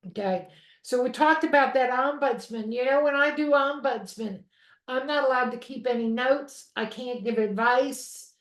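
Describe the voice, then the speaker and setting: A woman instructor teaches a real estate course in a chatty, conversational way and often checks in with "okay?". Her voice sits a little high. The recording carries the echo of a roomy space at home. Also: moderate pace. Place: home room. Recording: echoey room.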